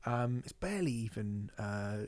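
A man's voice: lowish voice, expressive, measured pace, darkish tone. A man co-hosting a music podcast, chatting casually and animatedly, with jokey asides while reviewing an album. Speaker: podcast co-host.

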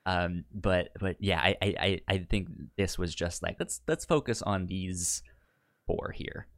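A man's voice: low-pitched, unhurried, no room sound, clean studio sound. A man co-hosting a podcast, chatting casually in a rambling way, often restarting words and laughing. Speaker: podcast co-host. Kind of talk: casual chat.

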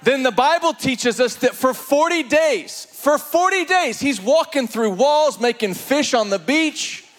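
A man preaching an energetic sermon to a congregation, animated and playful, with laughing asides. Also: extremely high pitch, measured pace, few pauses.

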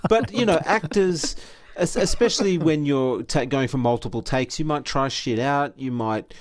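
A man co-hosting a casual film podcast, thinking out loud and often repeating words as he goes. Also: medium pitch, moderate pace. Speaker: podcast co-host.

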